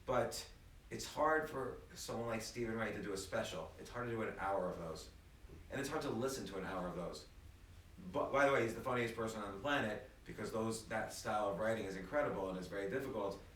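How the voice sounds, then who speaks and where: A man's voice: fairly low pitch, fairly quick, a little hiss or hum. A man talking as a guest in a casual conversation, telling stories with lots of restarts, recorded on a phone in an apartment room. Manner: animated storyteller, many restarts. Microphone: phone recording from across the room. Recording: echoey room, distant phone mic, faint ambience.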